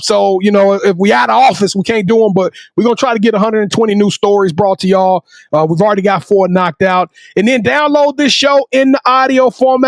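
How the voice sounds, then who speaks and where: A male podcast co-host, exuberant and out of breath, shouting and sing-song as he closes the show. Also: high-pitched, dry recording, studio quality. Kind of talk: hype show sign-off, energetic chat.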